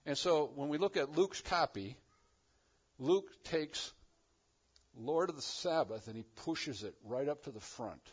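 A man preaching a sermon as pastor, swinging between loud emphatic lines and hushed ones. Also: fairly high pitch, animated, a little slow, husky, highs cut off.

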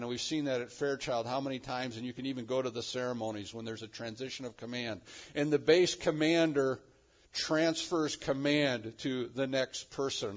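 A middle-aged male pastor preaching a verse-by-verse sermon, with emphatic rises on key words. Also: medium pitch. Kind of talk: expository sermon. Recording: dull lo-fi sermon recording.

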